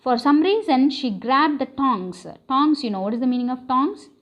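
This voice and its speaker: A woman's voice: high voice, expressive, lo-fi sound. Woman teacher, repetitive explaining. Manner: explains slowly with many repetitions and fillers. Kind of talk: classroom lesson explaining an English text.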